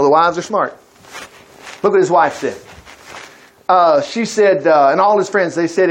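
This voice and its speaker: A man preaching a sermon, retelling a Bible story in a lively, chatty way and acting out the characters' lines. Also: high voice. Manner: animated, acting out voices, chuckling asides.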